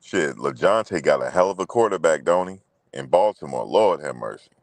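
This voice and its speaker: This sports show host has a rumbling low voice and speaks briskly and expressively, with no room sound. His casual chat is loose and profane, full of repetition, and aimed straight at viewers.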